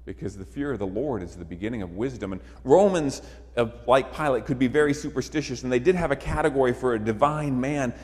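A man's voice: medium pitch, quick pace. A man preaching a sermon emphatically, repeating phrases for effect. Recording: long reverb of a large hall.

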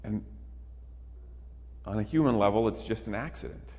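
A man's voice: fairly low pitch, moderate pace, a little mellow. A man preaching a sermon emphatically, repeating phrases for effect. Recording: long reverb of a large hall.

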